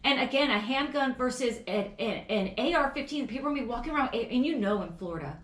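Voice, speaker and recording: A woman's voice: on the high side, lively intonation, quick pace, a bit bright. A woman co-hosting a podcast, talking in an earnest, indignant way, full of fillers, in casual political chat. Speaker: podcast co-host. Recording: roomy echo.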